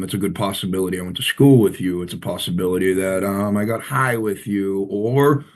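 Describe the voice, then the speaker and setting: Play an earnest, low-voiced man. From Central Massachusetts. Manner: emotional, earnest, halting with many restarts. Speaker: recovery coach. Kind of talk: personal storytelling in an interview.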